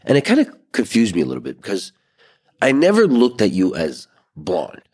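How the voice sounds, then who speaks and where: A man with a low voice that rises and falls a lot as he co-hosts a podcast. He tells the story in a loose, rambling way and trails off with fillers. He is recorded outdoors by a pool. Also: huge pitch swings, normal speed, darkish tone, breathy edge. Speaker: podcast co-host. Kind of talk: casual storytelling chat.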